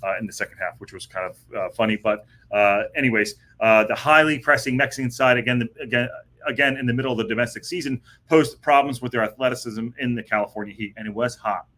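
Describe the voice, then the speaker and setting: Talking fast in a mid-range voice that's bright and forceful, this podcast host runs a live football show. The chat is casual live-stream rambling, full of fillers and restarts.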